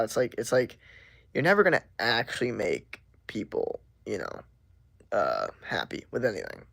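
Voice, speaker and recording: Gravelly young guy rambling on stream. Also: medium pitch, big pitch swings, a little fast, fairly bright tone, no echo, clean studio sound. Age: 20s. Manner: rambling, lots of "like" and "bro" filler. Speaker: livestream host. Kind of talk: casual stream chat.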